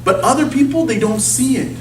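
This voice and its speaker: A man's voice: extremely high pitch, expressive, fairly quick, distant mic, a little hiss or hum. A man giving an informal sermon-style talk in a church, speaking conversationally and often checking in with his listeners with "okay?" and "you see?". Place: church sanctuary. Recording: echoey church recorded from afar.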